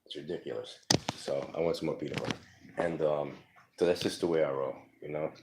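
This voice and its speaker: A man's voice: a bass voice, fairly even intonation, fairly quick, noisy background. A man telling his life story casually, profane and rambling, full of fillers, acting out the people in his stories.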